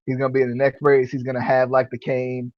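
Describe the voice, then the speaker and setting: A podcast host with a medium-pitched, monotone voice chats quickly and casually about wrestling reviews, rambling, using lots of fillers, and laughing easily. The recording is dry, dull, and lo-fi.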